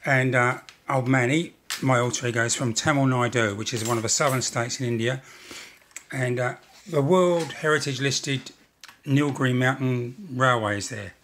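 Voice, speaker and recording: A man's voice: mid-range voice, normal speed, fairly bright tone, slight background noise. An older man chatting casually as he narrates building a model railway kit, rambling and self-deprecating.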